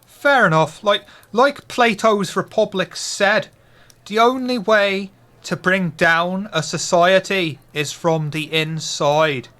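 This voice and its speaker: Guy putting on a loud preachy pub communist, high and bright, lots of swoop. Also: slow pace, full character voice. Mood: boisterous. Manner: boisterous, preachy. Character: rowdy male Irish communist pub regular.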